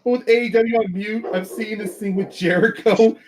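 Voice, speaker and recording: A man's voice: high voice, fairly even intonation, moderate pace, a crowd in the background. A man co-hosting a casual fantasy-booking chat, agreeable and telling scenes with animation. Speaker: co-host.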